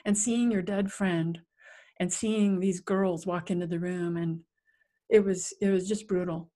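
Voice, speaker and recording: A middle-aged woman, an interview guest, telling a personal story in a vivid, animated way that acts out sounds and quotes. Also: on the low side, a little slow.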